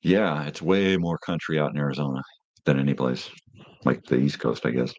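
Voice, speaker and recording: A man's voice: a bass voice, fairly even intonation, moderate pace, a little mellow, dry recording, dull audio. A middle-aged man hosting a live stream, chatting casually with viewers in a rambling, laid-back way full of slang.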